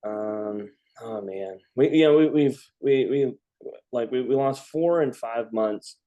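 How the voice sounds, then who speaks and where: A man hosting a relaxed conversation with a fellow veteran. He speaks haltingly and restarts often. His pitch sits right in the ordinary middle. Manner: halting, many restarts and fillers. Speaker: host, veteran. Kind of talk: casual conversation.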